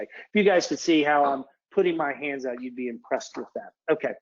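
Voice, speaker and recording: A man's voice: medium pitch, brisk, few pauses. A man giving a casual, chatty webinar presentation, digressing and interrupting himself as he talks. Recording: dull lo-fi webinar audio.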